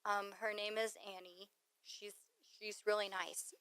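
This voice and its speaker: A young woman chatting as a guest on a radio show, giggling between informal, rambling sentences. Her voice is smooth and clear, and the dry studio sound keeps her close. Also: mid-range voice, flat delivery, a little slow, fairly bright tone, no echo. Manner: giggly, informal, says "like" a lot. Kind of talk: casual interview chat.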